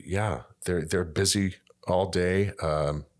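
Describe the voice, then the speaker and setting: A man who is an aspiring voice actor, guesting on a podcast and telling stories in a lively way with many restarts. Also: deep voice, takes it slowly. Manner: animated storyteller, many restarts. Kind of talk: casual podcast chat.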